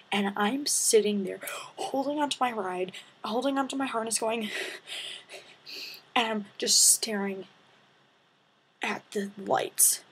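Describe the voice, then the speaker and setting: A teenage girl telling a story to her vlog audience in a lively, dramatic way, with whispered asides. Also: mid-range voice. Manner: animated, dramatic retelling with breathy asides. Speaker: vlogger. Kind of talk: casual storytelling to camera.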